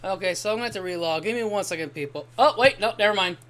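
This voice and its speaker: A man streaming a game and telling a rambling story in casual chat, swearing freely and getting animated when he quotes people. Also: sits high, racing. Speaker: gaming streamer. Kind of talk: casual storytelling while gaming.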